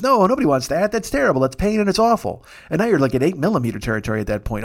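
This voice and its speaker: A man's voice: on the high side, big pitch swings, racing, few pauses. A man in his forties hosting a solo comedy podcast, rambling through profane stories and tangents in a pleasant, resonant voice. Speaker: podcast host.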